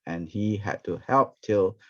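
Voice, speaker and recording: Man, storytelling trainer, animated, acts out voices, dull muffled recording. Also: on the low side, unhurried. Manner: animated, acts out quoted speech. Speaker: ministry trainer. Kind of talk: storytelling teaching talk.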